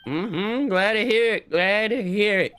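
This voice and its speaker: A streamer voicing a proud, doting old shopkeeper father in a slow drawl for a video game. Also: mid-range voice, fairly bright tone, slight background noise, pitched above the performer's own voice, natural voice.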